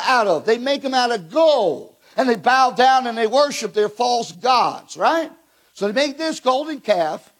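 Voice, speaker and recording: High-pitched, fiery revival preacher man. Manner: animated, calls out to the congregation, laughs, shouts. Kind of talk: revival sermon.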